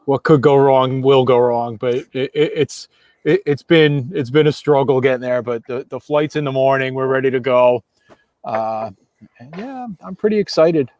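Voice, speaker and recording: A man's voice: mid-range voice, normal speed, darkish tone, no room sound, muffled recording. A man hosting a podcast in casual chat, upbeat, stammering and laughing often. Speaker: podcast host.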